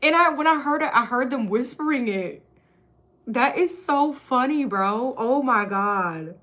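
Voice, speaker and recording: A woman's voice: high voice, animated, unhurried, fairly bright tone. A woman, giving a casual, chatty tarot reading to camera with lots of slang and giggling. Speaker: tarot reader.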